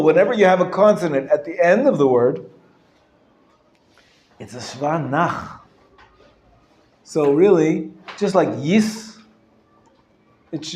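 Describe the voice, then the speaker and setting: A man teaching a class with a slightly high voice and a slow, careful delivery. He sounds words out patiently, clears his throat now and then and chuckles between points. The room is roomy and echoey. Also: a little mellow. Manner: patient, explanatory, repeats words slowly to demonstrate sounds. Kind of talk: live classroom lesson on Hebrew reading. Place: lecture room. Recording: roomy echo from a live class.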